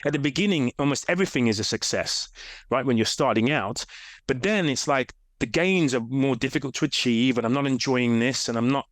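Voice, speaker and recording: A grown man with a mid-range voice talks a little fast on a dry, studio-quality recording. He's a fitness coach guest in a casual interview, telling stories animatedly and acting out the voices in his quotes.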